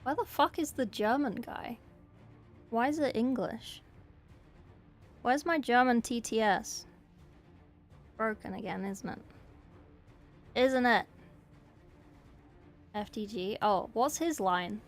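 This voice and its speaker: A woman's voice: fairly high pitch, takes it slowly, pauses often, soft background music. A woman streamer chatting casually while painting, self-deprecating, swearing and giggling. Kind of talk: casual livestream chat.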